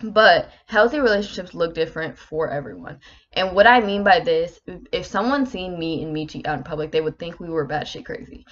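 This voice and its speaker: A woman's voice: fairly low pitch, animated, fairly quick. A woman in her twenties hosting a casual solo podcast, talking candidly, animatedly and swearing constantly. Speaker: podcast host. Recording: slightly muffled lo-fi recording.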